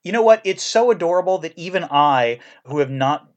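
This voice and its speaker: A man's voice: on the high side, animated, a little fast. A middle-aged man co-hosting a podcast in casual chat, tossing in wry jokey asides. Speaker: podcast co-host.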